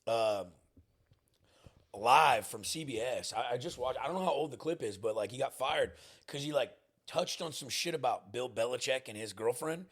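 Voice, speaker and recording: A man who is a podcast guest, loud, crude and excitable in casual chat. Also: medium pitch, moderate pace, husky.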